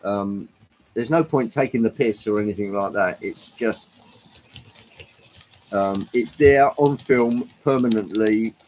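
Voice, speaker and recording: A man's voice: fairly low pitch, slow, pauses often, a little mellow, a little hiss or hum, rough recording. A man hosting a casual livestream, chatting to viewers in a rambling, hesitant way with frequent ums, from Britain. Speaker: livestream host. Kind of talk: casual chat with live chat viewers.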